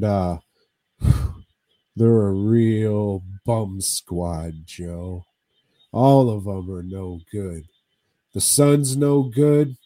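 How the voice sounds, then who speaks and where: Sex: man. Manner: slow, profane, rambling. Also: mid-range voice, mellow, no room sound. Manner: profane, rambling, drawling recap. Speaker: podcast co-host. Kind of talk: casual movie recap chat.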